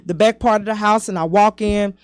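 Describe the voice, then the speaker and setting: A woman's voice: mid-range voice, fairly even intonation, dry recording, clean studio sound. Woman telling a personal story. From southern United States. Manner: halting, with many "you know" and "um" fillers; speeds up and slows down often. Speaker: podcast guest.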